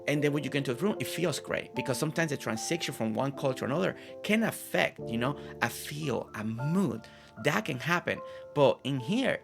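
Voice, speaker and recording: A man's voice: medium pitch, gravelly, fairly bright tone. A man giving casual gameplay commentary as a gaming channel host, admiring what he sees and repeating phrases for emphasis.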